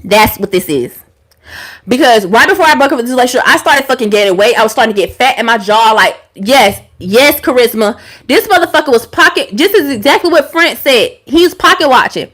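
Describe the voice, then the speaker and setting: A woman streamer telling a story to her viewers in a profane, animated rant, answering her chat as she goes. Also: sits high, quick pace. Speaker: YouTuber and live streamer.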